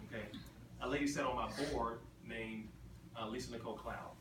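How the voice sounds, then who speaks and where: At a large convention hall, a motivational speaker delivers an emphatic, repetitive talk and keeps firing questions at the crowd. His mid-range voice moves briskly with fairly even intonation. The recording is distant and echoey, with ambient noise.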